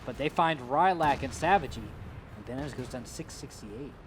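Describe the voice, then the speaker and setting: A man giving live play-by-play commentary on an esports tank match, getting louder and quicker as the fights heat up. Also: medium pitch, background noise. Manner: rises to excited calls during fights. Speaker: esports caster.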